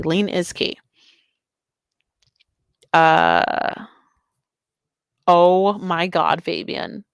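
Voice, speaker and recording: A young woman streams live, chatting casually with her viewers and reading their messages aloud. Her voice sits a little low, and she swings into excited, bubbly bursts. The sound is dry and close, with no room around it. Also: no echo.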